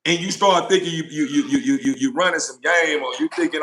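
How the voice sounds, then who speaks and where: Speaking quickly in a slightly high, somewhat bright voice, a man acts as an informal preacher, delivering a blunt, profane, passionate monologue about God. He alternates between voicing God and voicing doubters, with a roomy echo around him.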